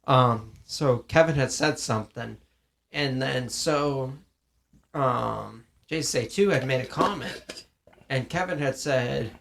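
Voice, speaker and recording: A man's voice: medium pitch, slow pace, creaky, noisy background. A young man co-hosting a casual chat, telling profane, rambling school stories and acting out what people said. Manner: profane, rambling, acts out quotes. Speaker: podcast co-host.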